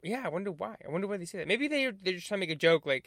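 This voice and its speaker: A man's voice: high voice, lively intonation, rapid-fire, hardly any pauses, a bit bright, no room sound, clean studio sound. A man in casual podcast chat who explains at length, swears casually and keeps affirming with "right" and "mm-hmm".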